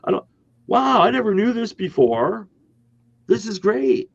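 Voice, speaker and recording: A man putting on a gleefully amazed former guard, pitched well above his own voice and speaking in a hammy mock Italian accent. The delivery is wide-eyed and exaggerated, and the audio is dull and lo-fi. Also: very animated, a little slow, gravelly, breathy edge, no room sound, exaggerated voice. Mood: delighted.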